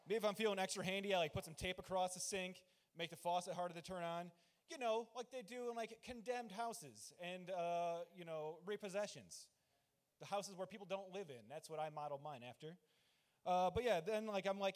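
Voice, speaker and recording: A young man doing a rambling, deadpan, profane open-mic stand-up set on a club stage. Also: high-pitched, normal speed. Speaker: stand-up comedian.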